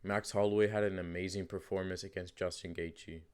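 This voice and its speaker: A man's voice: low-pitched, level tone, fairly quick, clear, resonant tone. A man talking casually to camera as the host of his own channel. He rambles through his predictions with lots of fillers, restarts and emphatic repeats. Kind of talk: casual unscripted commentary.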